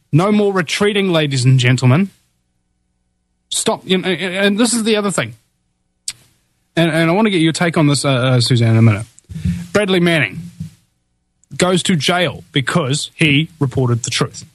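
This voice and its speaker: A man's voice: on the high side, no echo. A man hosting a talk radio show, fervent and rallying, with frequent hesitations and restarts. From New Zealand. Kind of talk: impassioned talk radio commentary.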